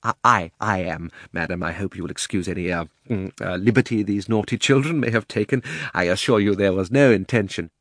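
A man's voice: sits low, brisk, fairly bright tone, no room sound, studio quality. A man voicing a nervous old male magician who stammers and grovels with over-polite phrases in a storybook reading. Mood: flustered. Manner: stammering, flustered, overly polite.

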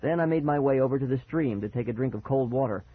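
A man's voice: mid-range voice, fast, breathy edge, no room sound. A man narrating a first-person spooky children's story expressively, on a dry, tinny recording. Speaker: audiobook narrator. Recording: dry, tinny phone-like sound.

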